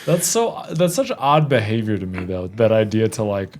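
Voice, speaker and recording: Podcast cohost guy, jokey quick reactions, some faint hiss behind him. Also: lowish voice, very animated. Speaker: podcast co-host. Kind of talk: casual chat.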